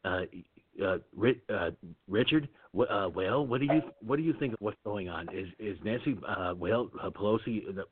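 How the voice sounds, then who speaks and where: Guy doing a husky old president, stumbles all over his words, low-ish, tinny phone line. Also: normal speed, close to an everyday voice. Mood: rambling. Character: older male president, halting, folksy.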